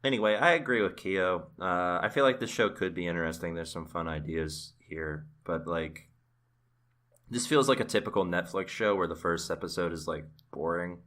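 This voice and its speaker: A man's voice: low-pitched, normal speed, fairly bright tone. A man hosting a podcast in casual chat, dry and steering the talk. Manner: dry, wraps things up. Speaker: podcast host.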